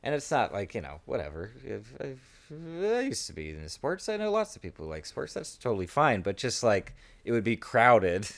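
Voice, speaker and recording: A man's voice: mid-range voice, huge pitch swings, normal speed, creaky, a bit bright. A man co-hosting a podcast in casual chat, rambling and laughing often. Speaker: podcast co-host.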